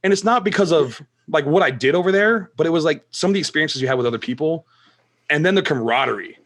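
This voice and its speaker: A man's voice: on the high side, expressive, fast talker, a bit bright. Truck driver guy chatting on a podcast, easygoing, says like a lot. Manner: laid-back storytelling with frequent fillers. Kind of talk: casual chat.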